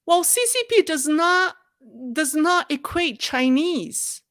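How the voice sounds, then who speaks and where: A woman hosting a live show and answering viewer questions in a thoughtful, halting way. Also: extremely high pitch, lively intonation, no room sound, studio quality. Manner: thoughtful, halting, with restarts and soft laughs.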